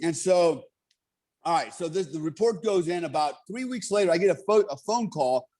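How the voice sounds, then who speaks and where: A man's voice: a little high, lively intonation, moderate pace, warm tone. A middle-aged man telling stories as a guest in a casual podcast chat, blunt, profane and emphatic.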